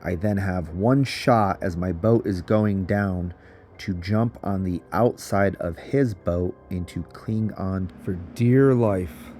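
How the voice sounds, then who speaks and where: A man's voice: sits low, slow pace, warm tone, slight background noise. A man casually narrating an adventure story in a chatty, giggly way, full of fillers. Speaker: underground explorer.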